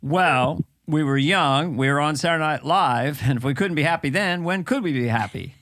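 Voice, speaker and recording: A man's voice: on the high side, normal speed, fairly bright tone, dry recording. Playful man hosting a comedy podcast. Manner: teasing, playful. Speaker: podcast host. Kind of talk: casual comic chat.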